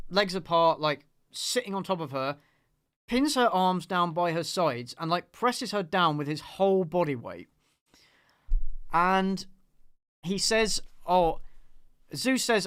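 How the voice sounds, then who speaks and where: A man's voice: sits high, a bit bright, clear, resonant tone, no room sound. A man hosting his channel, talking through a film review in a casual, rambling way with fillers and the odd swear word. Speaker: channel host. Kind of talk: live review discussion.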